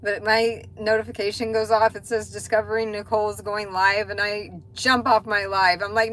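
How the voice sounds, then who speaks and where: A woman's voice: medium pitch, level tone, normal speed, hardly any pauses, fairly bright tone. Chatty woman livestreaming from a truck. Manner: candid and chatty, swears casually. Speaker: livestream host. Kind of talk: casual livestream chat reading comments. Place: inside a parked truck cab.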